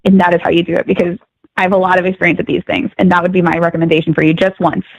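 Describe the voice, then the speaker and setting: A woman guest calling in to a podcast, chatting in an upbeat way with quick asides. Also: on the low side, flat delivery, vocal fry, no echo, dull audio. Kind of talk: casual chat.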